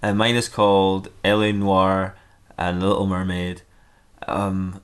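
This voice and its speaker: A man's voice: deep voice, flat delivery, measured pace. A man casually reading and ad-libbing a comic fan-fiction story, rambling and laughing at his own jokes.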